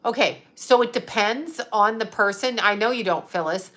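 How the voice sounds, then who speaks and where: A woman in her fifties talks casually to her viewers with a bright, forward voice. She is blunt and sarcastic, swears freely and laughs often between remarks. Her pitch sits at a middling height for a woman. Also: moderate pace. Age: 50s. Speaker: psychic medium and livestream host. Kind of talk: casual livestream chat answering viewers.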